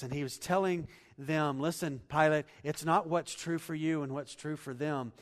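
A man preaching a sermon, climbing to loud emphatic peaks and dropping low, asking listeners to fill in words. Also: steady tone, moderate pace, hardly any pauses. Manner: asks the congregation to fill in words. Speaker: pastor.

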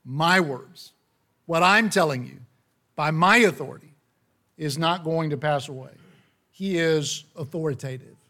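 A man preaching a sermon, emphatic, slowing down on key phrases and asking rhetorical questions. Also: fairly high pitch, pushed and bright.

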